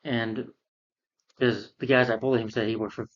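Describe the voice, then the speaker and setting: A man's voice: medium pitch, little pitch movement, normal speed, dull audio. A man retelling a film's plot in a casual, rambling way, full of fillers and restarts. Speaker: film reviewer.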